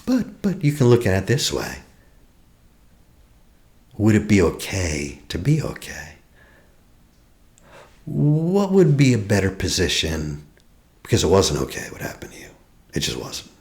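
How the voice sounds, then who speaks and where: Deep-voiced man with lively, swinging delivery. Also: unhurried, vocal fry, long pauses. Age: 40s. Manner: questioning, often drops to a soft whisper. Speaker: attachment healing practitioner. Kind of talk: reflective teaching talk.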